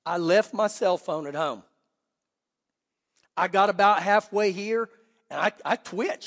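High-voiced pastor preaching in a hall. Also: male voice, unhurried, pauses often. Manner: animated storytelling with quoted voices. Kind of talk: sermon. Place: church sanctuary.

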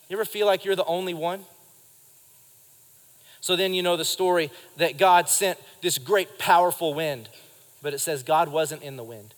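A male pastor preaching to his congregation with a slightly high voice. He talks in a lively way and works the room. Long reverb from the church trails his words. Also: moderate pace. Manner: lively preaching, acts out quotes and addresses the congregation. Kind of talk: sermon. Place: church sanctuary during a live service.

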